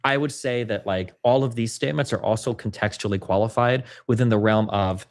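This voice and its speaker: A man explains his view in a philosophical debate in a fairly low voice. He speaks quickly and casually, with lots of fillers. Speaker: debater in reviewed clip. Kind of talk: philosophical discussion.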